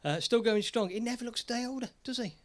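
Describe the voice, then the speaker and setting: A British man hosting a casual live stream, chatty and jokey, slightly hoarse from a cold. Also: very high-pitched, fast talker.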